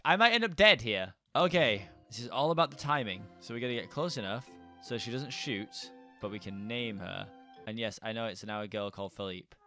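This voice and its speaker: A young man commentating a Minecraft let's play in an excitable way, yelping and gasping and tossing in quick jokey asides. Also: lowish voice. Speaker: gaming YouTuber.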